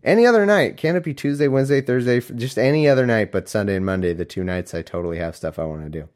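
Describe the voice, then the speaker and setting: A young man reading scripture aloud and mocking it in casual, sarcastic solo commentary, going from loud bits to mumbled asides. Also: mid-range voice, fast.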